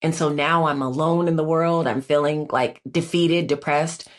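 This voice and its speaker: A woman's voice: sits low, fairly even intonation, moderate pace. A woman in her forties, a guest in an interview, telling her life story in an earnest, reflective way with many filler words. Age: 40s. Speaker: guest, Olympic athlete.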